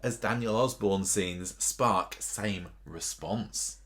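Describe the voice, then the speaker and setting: A man's voice: lowish voice, takes it slowly, a bit bright. A man co-hosting a casual podcast chat about a soap opera, who quizzes his co-host and laughs often.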